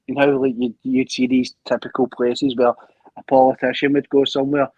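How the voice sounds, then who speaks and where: Male co-host, animated, husky, dull dry call sound. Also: medium pitch, fairly quick, no echo. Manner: sweary, animated, mimics people. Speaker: stream co-host. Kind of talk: casual livestream chat.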